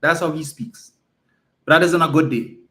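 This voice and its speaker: Man, campaign speaker, mocking rhetorical delivery, slightly high voice. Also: normal speed, sharp tone. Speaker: political campaigner. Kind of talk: political campaign speech.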